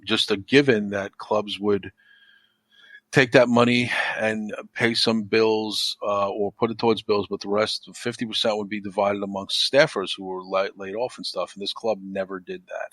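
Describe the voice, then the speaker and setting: Low-voiced man rambling on a podcast. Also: flat delivery, moderate pace, fairly bright tone, dry recording. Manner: rambling, repeats himself, frequent "you know". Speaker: podcast guest. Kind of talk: casual conversation.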